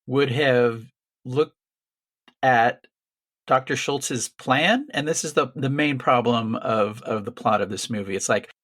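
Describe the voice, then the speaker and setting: A man's voice: mid-range voice, unhurried, a bit bright. A man co-hosting a casual film podcast, bluntly criticizing a plot and swearing freely. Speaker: podcast co-host.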